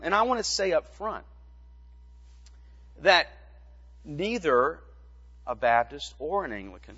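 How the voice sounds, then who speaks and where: A man's voice: fairly high pitch, sharp tone, lo-fi sound. Man preaching in a reverberant church. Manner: measured teaching with rhetorical questions. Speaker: pastor. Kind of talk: sermon.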